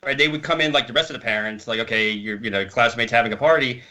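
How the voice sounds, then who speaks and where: A man with a bright, forceful voice tells stories over a video call. He talks casually, swears freely and acts out the people he quotes with lively energy. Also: medium pitch, quick pace. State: hard of hearing. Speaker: interview guest. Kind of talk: casual storytelling.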